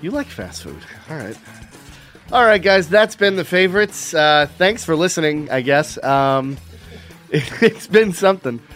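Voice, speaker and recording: A man's voice: a little high, big pitch swings, measured pace, a bit bright, faint music behind. A man co-hosting a sports podcast, teasing his partner and reading the sign-off. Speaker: podcast co-host. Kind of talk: casual podcast chat and sign-off.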